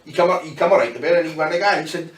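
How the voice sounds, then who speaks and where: Male wrestler-promoter, fast, profane shoot-interview storyteller; roomy, off-mic sound. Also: on the high side. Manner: rambling, heavy swearing, restarts, "you know what I mean". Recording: echoey room, mic at a distance, faint noise.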